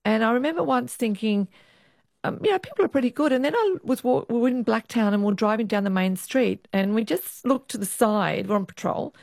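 A woman, a former police officer, recounting her years on the job in a lively interview. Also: on the high side, fairly quick, gravelly, dry recording, clean studio sound. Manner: lively storyteller, acts out quoted voices. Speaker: retired police officer, guest. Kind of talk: storytelling interview.

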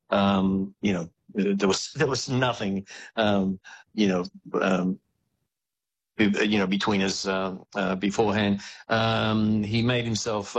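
A man talking about football as a guest, halting, with many fillers and restarts. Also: lowish voice, poor audio. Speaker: guest commentator on Spanish football. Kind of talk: casual radio-style chat.

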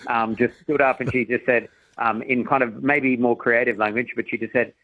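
A man's voice: mid-range voice, fairly even intonation, moderate pace, no echo, phone-quality sound. A male comedian, chatting and telling funny stories as a radio guest. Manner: chatty, storytelling, giggly. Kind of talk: casual radio interview chat.

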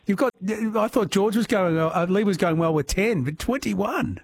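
Husky-voiced male radio host. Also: high voice, expressive, normal speed, no echo. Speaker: radio talk show host. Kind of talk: talkback radio hosting.

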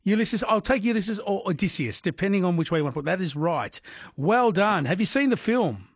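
A man's voice: high voice, expressive, a little fast, breathy edge, no echo, studio quality. A man hosting an overnight radio quiz in a chatty way, laughing often with callers. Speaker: radio host.

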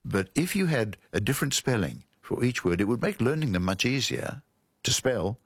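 Gravelly-voiced man explaining language on radio. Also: mid-range voice, very animated, normal speed, no echo, clean studio sound. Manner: explanatory, lecturing, spells words out letter by letter. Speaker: language expert guest. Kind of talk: radio talk-show conversation. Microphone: studio microphone.

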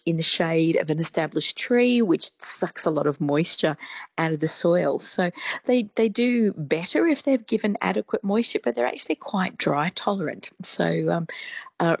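A woman's voice: lowish voice, no room sound, lo-fi sound. A woman giving gardening advice on talkback radio, friendly and explanatory with many fillers. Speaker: gardening expert guest.

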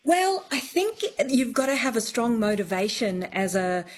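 A woman's voice: a little high, sing-song, unhurried. A woman who is a studio guest on a radio show, explaining thoughtfully with fillers.

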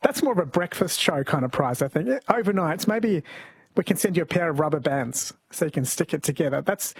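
A man's voice: on the high side, lively intonation, a little fast, gravelly, slightly rough, dry recording. A man hosting an overnight radio show, chatting casually and reading out listener messages.

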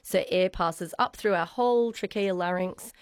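A woman's voice: fairly low pitch, moderate pace, no room sound, clean studio sound. An Australian woman speaking as a radio guest, explaining how the voice works in a friendly, informative way and laughing easily. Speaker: voice expert guest.

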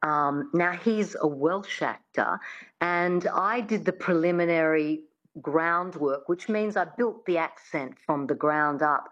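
A woman's voice: deep voice, slow pace, a bit bright. A woman dialect coach being interviewed on the radio, explaining thoughtfully with frequent restarts. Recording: dull, muffled line.

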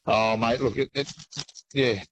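A man with an Australian accent, chatting casually about fishing in a relaxed, folksy way and calling people "mate". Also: medium pitch, unhurried, a little hiss or hum, poor audio. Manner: laid-back, folksy sayings, says "mate" often. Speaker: fishing guest. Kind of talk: casual chat.

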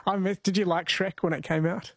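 An Australian man hosts a morning radio quiz, his voice set a bit high and chatty. He laughs often, and the sound is dry and close with no room around it. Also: fairly even intonation, normal speed, dry recording. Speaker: radio host.

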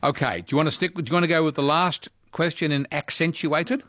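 A man's voice: on the high side, brisk, no room sound, clean studio sound. A man hosting a radio quiz and chatting easily with callers. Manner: chatty, easygoing, lively intonation.

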